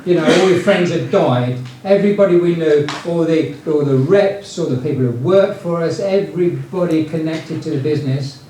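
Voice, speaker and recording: A man's voice: a little high, normal speed, hardly any pauses, mellow. A man, telling business stories casually, rambling with many fillers and restarts. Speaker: retired business founder. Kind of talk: casual anecdotal storytelling. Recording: very echoey room, distant mic, faint noise.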